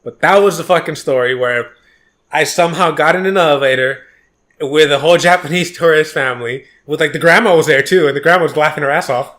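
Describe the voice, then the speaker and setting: A man's voice: fairly high pitch, fast talker, fairly bright tone. A man co-hosting a podcast, telling a rambling, profane story with many restarts in casual chat. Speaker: podcast co-host.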